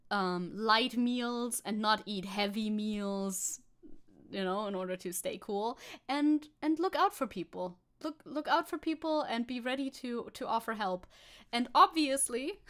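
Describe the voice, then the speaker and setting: A woman with a fairly high voice comments on posts during a live stream. Her tone is sarcastic. She laughs often and trails off into restarts as she rambles. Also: fairly bright tone. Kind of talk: casual commentary reading posts.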